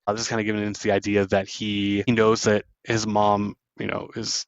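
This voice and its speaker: Low-voiced guy on a pop culture podcast, muffled dry mic, recaps scenes and does the lines. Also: flat delivery, no room sound. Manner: retells scenes, acting out lines in quick voices. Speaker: podcast host. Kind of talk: casual movie recap chat.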